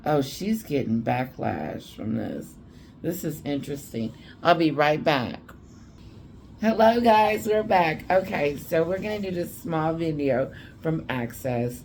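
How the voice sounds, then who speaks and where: A woman's voice: low-pitched, animated, measured pace, creaky, darkish tone, a little hiss or hum. A woman vlogging casually at night, sleepy and a little tipsy, rambling as she reacts to news clips. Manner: rambling, drowsy, slightly tipsy. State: sleepy after drinks.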